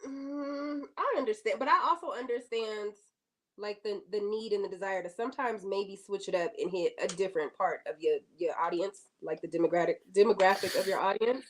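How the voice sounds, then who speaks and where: A woman co-hosting a casual podcast chat, animated and emphatic, often repeating herself. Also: mid-range voice, brisk, rough recording. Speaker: podcast co-host.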